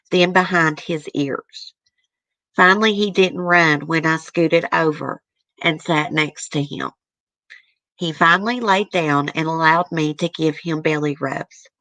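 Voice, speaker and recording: A woman's voice: sits low, unhurried, sharp tone, dry recording. A woman host reading a letter aloud to her viewers in an earnest, easily moved way, stopping now and then to comment.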